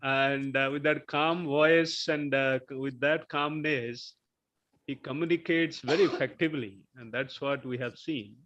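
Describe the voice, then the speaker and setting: Slow, halting man chairing. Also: medium pitch, steady tone, fairly bright tone. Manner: halting, full of filler sounds. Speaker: session chair. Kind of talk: formal closing remarks. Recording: muffled lo-fi sound.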